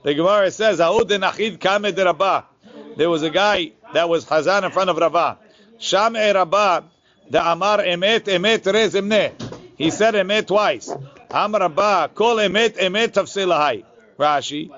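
A man teaching a Talmud class, reading the source text quickly and then explaining it in a casual way. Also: high voice, fairly bright tone. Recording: lo-fi, muffled recording.

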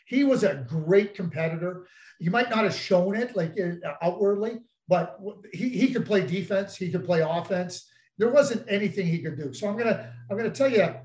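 A man co-hosting a podcast, telling stories in a teasing, animated way. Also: sits high, roomy sound, poor audio. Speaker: podcast co-host, former hockey executive. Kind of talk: casual storytelling chat.

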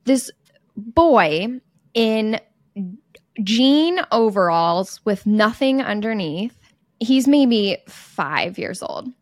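A young woman with a fairly high voice tells a story on a podcast, lively and quick to laugh. The sound is dry and close to the mic, with no room around her. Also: no room sound. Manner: animated storyteller, laughs often. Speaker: podcast co-host. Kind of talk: casual storytelling chat.

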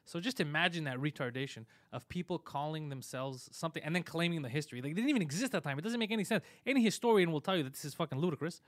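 A man hosting a live show, giving a fast, opinionated rant full of swearing. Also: a little high, expressive, no room sound. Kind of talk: casual live-stream chat.

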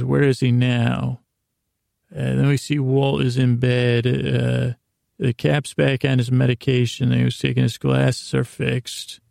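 Gravelly, flat-voiced man recapping. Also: medium pitch, no room sound, studio quality. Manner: rambling, many restarts and asides, flat quoted voices. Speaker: podcast host recapping a show. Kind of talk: casual rambling recap.

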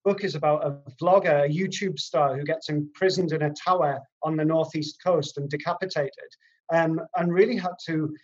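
A man's voice: fairly high pitch, steady tone, moderate pace. A man, a crime writer, chatting on a podcast in a hesitant, rambling way. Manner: rambling, hesitant, full of fillers. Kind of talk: casual podcast chat. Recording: dull lo-fi sound.

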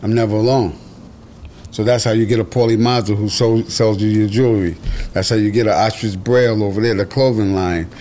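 Blunt low-voiced New man. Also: a little fast, slight background noise. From New York. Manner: direct, blunt, steady. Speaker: guest, producer and author. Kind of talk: reflective podcast conversation.

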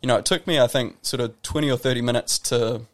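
A man with a New Zealand accent speaks as a podcast guest, his voice sitting at an ordinary mid pitch. He talks in a reflective, rambling way, circling back with fillers and restarts as he works through a story. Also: fast. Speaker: guest, professional tennis player. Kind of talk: casual podcast interview.

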